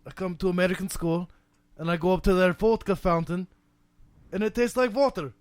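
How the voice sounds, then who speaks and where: A man putting on a joking Russian accent as a grumpy Russian student, slow and deadpan. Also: high-pitched, clean tone, no room sound, close to an everyday voice. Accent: put-on Russian.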